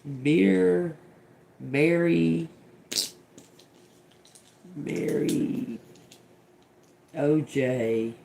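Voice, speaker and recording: Slow-talking giggly middle-aged woman. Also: low voice, gravelly, background noise. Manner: profane, giggly, muttering single words as they come. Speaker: tarot reader on a livestream. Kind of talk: casual live channeled reading.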